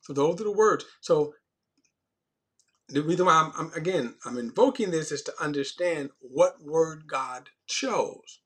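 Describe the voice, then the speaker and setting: Man, Bible teacher, conversational, restarts phrases, stresses key words, slightly high voice. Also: lively intonation, unhurried, fairly bright tone. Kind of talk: informal Bible class teaching.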